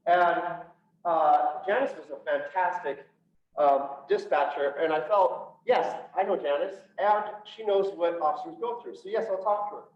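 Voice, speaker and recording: A high-pitched man, a police officer who talks about PTSD, shares his own story with a crowd. He stays earnest, slows down to stress points, and acts out quoted dialogue. Captured from afar, the audio is roomy, dull, and lo-fi.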